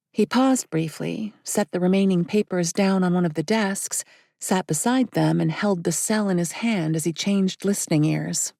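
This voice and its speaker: Female audiobook narrator, steady and measured; low, mellow tone with a gravelly edge. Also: dry recording, studio quality. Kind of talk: scripted narration.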